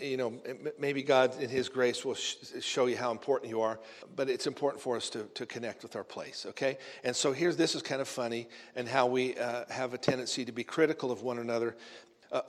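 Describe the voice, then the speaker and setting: A man's voice: medium pitch, long reverb tail. A man pastor preaching a conversational sermon, earnest, often repeating his words. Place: church sanctuary.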